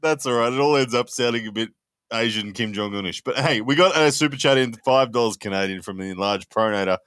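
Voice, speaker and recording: A man's voice: medium pitch, fast, a bit bright, clear, resonant tone, no room sound, studio quality. A man co-hosting a podcast, chatting in a laid-back way and laughing along. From Australia. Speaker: podcast co-host. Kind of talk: casual podcast chat.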